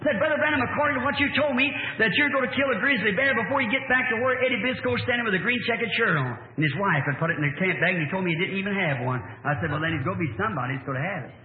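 A man preaching, telling a hunting story in a folksy, animated way and acting out the dialogue. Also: high voice, rapid-fire, hardly any pauses. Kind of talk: old-time revival sermon storytelling. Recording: echoey hall on a tinny old tape.

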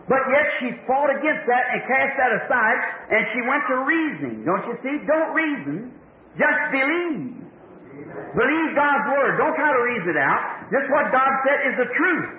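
Male preacher, fervent and pleading, high-pitched, thin echoey phone-like recording. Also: big pitch swings, moderate pace. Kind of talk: sermon.

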